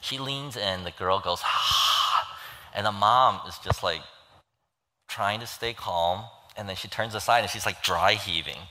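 Earnest preacher in an echoing hall. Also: male voice, fairly low pitch, moderate pace, bright, forceful tone. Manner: earnest, pleading, retells stories acting out the voices. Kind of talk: sermon. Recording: long hall reverb.

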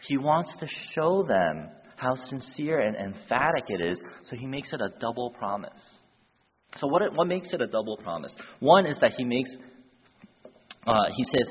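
A man's voice: mid-range voice, sing-song, moderate pace, a little hiss or hum. A man preaching a sermon, telling a story and then building to urgent appeals to his listeners. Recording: dull echoey hall.

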